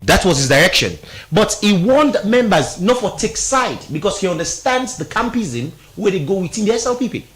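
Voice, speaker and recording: A man's voice: high-pitched, very animated, moderate pace, few pauses, fairly bright tone. A man with a Sierra Leonean Krio-inflected accent, giving political analysis on a radio talk show, emphatic and mixing Krio with English.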